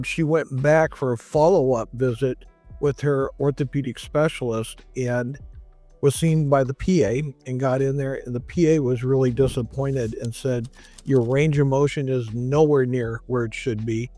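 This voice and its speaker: In a mellow, mid-range voice recorded with no echo, a male chiropractor casually recounts a patient's story. He performs other people's lines by raising his voice when quoting them.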